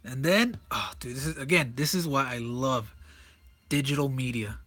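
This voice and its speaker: A man with a mid-range, slightly bright voice talks at normal speed, with no room sound, as he casually walks through a comic. He's an enthusiastic, rambling reviewer who keeps correcting himself.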